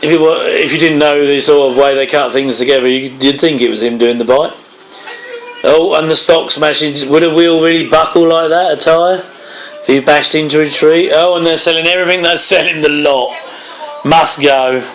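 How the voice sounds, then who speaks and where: A man's voice: a little high, fairly even intonation, normal speed, fairly bright tone, faint music behind, rough recording. A man giving casual movie commentary, full of chatty wry asides and chuckles. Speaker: film commentator.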